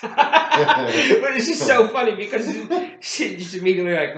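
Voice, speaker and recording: A man's voice: high-pitched, expressive, moderate pace, hardly any pauses, fairly bright tone, echoey room, rough recording. Laughing young man telling stories. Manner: laughing storyteller, acts out quotes. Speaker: podcast co-host. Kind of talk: casual chat.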